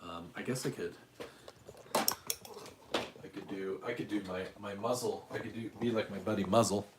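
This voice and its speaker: Deep-voiced man rambling in a roomy space. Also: fairly even intonation, a little slow, background noise. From Utah. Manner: rambling, hesitant, many fillers and restarts. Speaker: channel host. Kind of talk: casual livestream chat. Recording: roomy echo.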